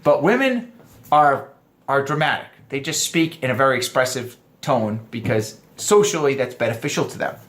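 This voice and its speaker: A man giving dating advice to other men, lively and explaining point by point, acting out quoted lines in funny voices. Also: mid-range voice, normal speed. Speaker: dating coach. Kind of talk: instructional vlog talk.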